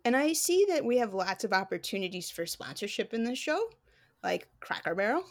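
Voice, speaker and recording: A woman's voice: mid-range voice, very animated, a little fast. A young woman co-hosting a podcast in casual chat, playful and rambling with lots of fillers. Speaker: podcast co-host.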